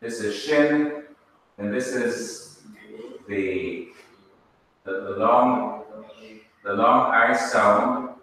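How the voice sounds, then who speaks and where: A man teaching a Hebrew class, explaining slowly and step by step. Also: on the low side, bright, forceful tone, a little hiss or hum. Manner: slow, explains step by step, spells things out. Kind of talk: classroom lesson. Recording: echoey hall, speaker far from mic.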